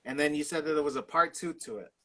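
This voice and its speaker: A man's voice: fairly high pitch, fast, crowd noise. A man hosting a casual interview, reacting with enthusiastic exclamations. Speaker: show host.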